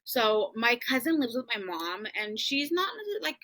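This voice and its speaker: A woman with a bright, forceful voice sitting slightly high, recounting a story to a co-host. Her talk is loose and conversational, filled with "like" and "um" as she works through the details. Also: expressive, measured pace, poor audio. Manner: chatty, full of "um" and "like", retelling an emotional family story. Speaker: podcast host. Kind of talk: casual storytelling chat.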